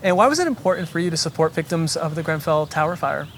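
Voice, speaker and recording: An interviewer asking brisk, friendly quick-fire questions in a casual chat. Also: mid-range voice, animated, a little hiss or hum.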